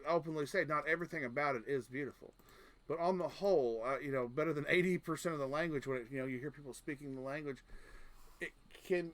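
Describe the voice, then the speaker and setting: Male game streamer, bright slightly high voice, rambling crude jokes at a desk mic. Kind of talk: casual gaming chat.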